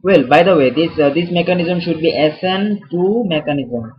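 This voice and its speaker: A man teaches a chemistry tutorial while writing, talking casually, stumbling and restarting words, making self-deprecating jokes, and calling viewers "fellas." His voice is a little high and slightly rough at normal speed, captured in dull lo-fi sound.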